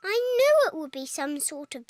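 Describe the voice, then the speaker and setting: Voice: high-pitched, big pitch swings, normal speed, heavy background noise. An actor voicing a cheerful, bossy little girl piglet in a cartoon, speaking. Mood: chirpy. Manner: bubbly, giggly, proud. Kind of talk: cartoon voice acting.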